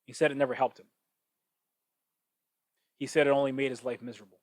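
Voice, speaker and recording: A man hosting his own podcast, thinking out loud in a casual monologue with many restarts and asides. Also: medium pitch, flat delivery, fairly quick, no room sound, low-quality recording. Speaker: podcast host. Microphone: cheap microphone. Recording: dry, close cheap-mic sound.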